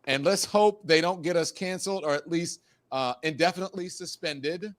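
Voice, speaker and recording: A man's voice: a little high, normal speed. A man hosting a comedy panel over a video call, making playful, upbeat introductions. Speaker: host.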